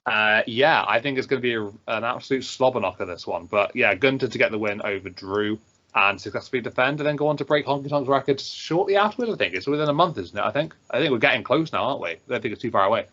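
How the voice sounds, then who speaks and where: A man's voice: medium pitch, fast, pushed and bright. A man hosting a casual wrestling prediction chat, hesitant and often correcting himself. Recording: dull lo-fi sound.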